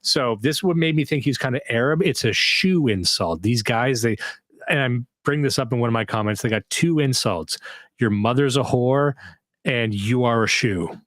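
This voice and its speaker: A man from Canada co-hosts a podcast in a loose, rambling way and reads online comments aloud as he goes. His voice sits in a middle pitch, and the recording is dry and close with no room around it. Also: expressive, moderate pace, fairly bright tone, dry recording. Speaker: podcast co-host. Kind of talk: casual livestream podcast talk.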